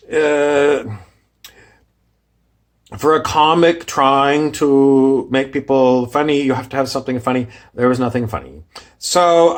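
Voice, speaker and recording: A man hosting a comedy bit, casually reviewing his own sketch in animated, self-mocking bursts. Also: medium pitch. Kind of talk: casual comedy post-mortem.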